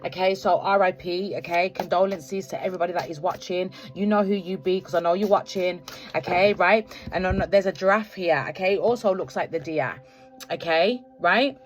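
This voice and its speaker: Woman with a lowish voice, tarot reading for viewers, keeps tagging "okay? right?". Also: normal speed, soft background music. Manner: tags nearly every phrase with "okay? right?"; addresses viewers as "collective". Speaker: tarot card reader. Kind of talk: spiritual tarot reading to camera.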